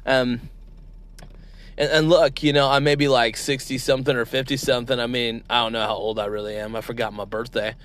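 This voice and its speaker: A man's voice: medium pitch, animated, moderate pace, long pauses, natural voice. A man playing a parody crypto investor who talks in valley-girl slang, saying like and bro constantly. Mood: airheaded. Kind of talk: comedy sketch impression.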